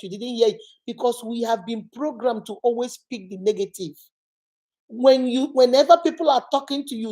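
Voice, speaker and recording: A woman's voice: a little high, mellow. A woman hosting a motivational relationship-advice talk, speaking emphatically and repeating her points. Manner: emphatic, repetitive, dramatic acted-out quotes.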